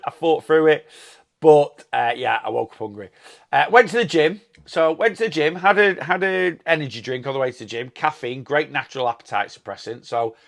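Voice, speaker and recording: A man's voice: medium pitch, creaky, fairly bright tone. A man, casually chatting in his weight loss vlog, rambling and enthusiastic about food. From England.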